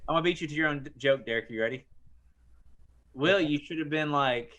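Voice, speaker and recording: A man's voice: fairly high pitch, a little fast, pushed and bright. A man co-hosting a podcast, teasing his friends and jumping in with jokes. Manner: teasing, joking. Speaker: podcast co-host. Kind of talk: casual chat.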